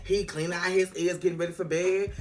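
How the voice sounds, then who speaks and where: A woman recapping a TV episode in a sassy, slang-heavy, animated way. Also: on the low side, a little fast, soft background music. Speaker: TV episode reviewer. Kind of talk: casual recap vlog.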